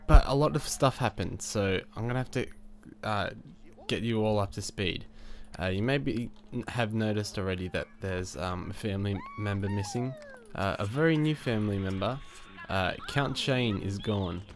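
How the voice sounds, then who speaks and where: Congested from a cold, a man narrates his life-sim gameplay for his gaming channel in a relaxed way, chuckling, restarting sentences and using lots of fillers. He talks at a moderate pace with a fairly low pitch and few pauses, over soft background music, using a new desk mic.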